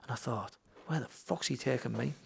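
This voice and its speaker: A man's voice: medium pitch, fairly quick, creaky, husky. A middle-aged man, a fighter and gym owner telling a story as a podcast guest, swearing freely and acting out what people said. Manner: swears freely, tells the story with quoted dialogue. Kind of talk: casual storytelling in a podcast interview.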